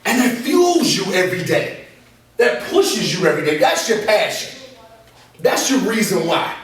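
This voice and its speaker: A man giving an animated motivational talk to a live group, often checking whether the audience is following him. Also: sits high, normal speed. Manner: animated call-and-response, repeatedly asking the audience to follow along. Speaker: motivational speaker and coach. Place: meeting room with an audience. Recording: echoey room from far off.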